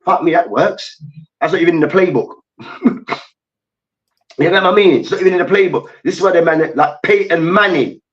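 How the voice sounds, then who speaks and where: A man hosting a heated sports debate, loud and full of swearing, acting out players and coaches as he rants. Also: fairly high pitch, normal speed. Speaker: host. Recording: distant, dull lo-fi mic.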